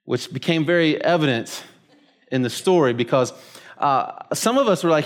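With a widely swinging pitch set a touch high, the pastor preaches at normal speed. His sermon is relaxed and story-driven, full of fillers as he works toward his point.

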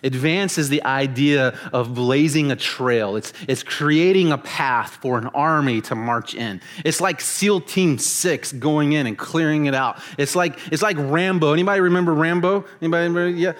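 A man preaching a casual, animated sermon to teenagers, joking with them and acting out the stories he tells. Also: a little high, moderate pace. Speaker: youth pastor.

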